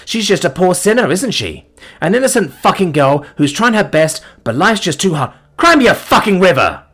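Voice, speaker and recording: A man's voice: mid-range voice, sing-song, moderate pace, fairly bright tone, husky, voice pushed up. A man voicing an angry, bitter young man who swears and sneers sarcastically. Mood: furious.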